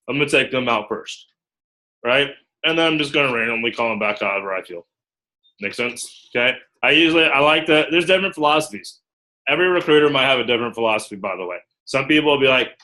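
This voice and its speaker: A man training a small group of recruiters. He talks in a lively, animated way, acts out quotes and keeps checking in with "okay?" He has a bright, forceful voice at a middle pitch, and he is speaking to people in a meeting room. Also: rough recording.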